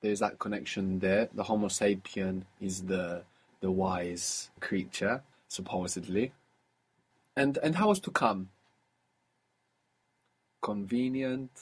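A man's voice: sits low, slow, pauses often, husky. A man teaching a language lesson, patiently asking questions and repeating the answers. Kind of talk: guided audio language lesson.

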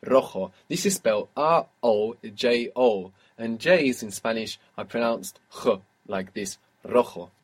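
A man's voice: medium pitch, lively intonation, measured pace, few pauses. A man teaching a language lesson, patiently prompting a student and praising each answer. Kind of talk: guided audio language lesson.

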